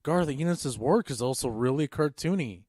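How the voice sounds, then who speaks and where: A man's voice: fairly high pitch, expressive, normal speed, darkish tone, no echo, studio quality. A man co-hosting a casual movie podcast, chatting in a joking way. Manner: joking, does mock voices in quotes. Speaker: podcast co-host.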